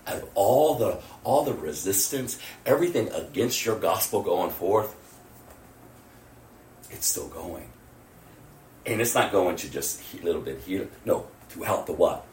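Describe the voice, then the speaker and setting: A man preaching a sermon to his church, rising to loud exclamations and dropping to hushed near-whispers, laughing often. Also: sits low, lively intonation, a little slow, a little hiss or hum. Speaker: pastor. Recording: roomy, from far off the mic. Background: congregation responses.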